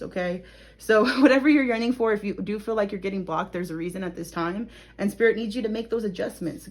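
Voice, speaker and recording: A young woman talks through a tarot card reading in a relaxed, chatty way. She laughs often and keeps checking in with her listeners. Her pitch sits in a middle range. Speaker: tarot reader. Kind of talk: casual tarot reading to camera.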